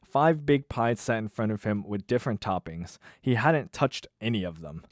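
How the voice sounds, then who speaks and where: A man's voice: lowish voice, lively intonation, moderate pace, no echo, studio quality. A man reading a novel aloud on camera with incredulous, wry asides. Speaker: YouTuber reading a book aloud. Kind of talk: comic read-aloud with asides.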